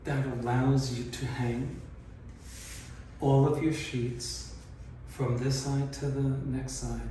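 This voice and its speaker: A man talks slowly and patiently, walking beginners through hanging wallpaper step by step. His voice rings through a bare, very echoey room. He sounds some distance from the mic, with a faint hum of room ambience behind him. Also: mid-range voice, mellow. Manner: patient, explains step by step, repeats points. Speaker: wallpaper installer teaching beginners. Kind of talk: hands-on instructional demonstration. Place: indoor room being wallpapered.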